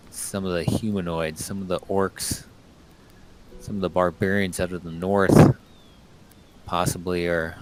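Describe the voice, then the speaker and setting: A man voicing a gruff young male ranger of the woods, blunt and grumbling in his manner. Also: deep voice, a little hiss or hum.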